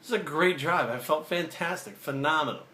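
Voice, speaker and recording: A man's voice: fairly high pitch, a little fast. A man hosting his own video channel, telling a story in casual, profane speech and acting out the dialogue. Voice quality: profane, animated, acts out the dialogue. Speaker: vlogger. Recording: roomy echo, faint ambient noise.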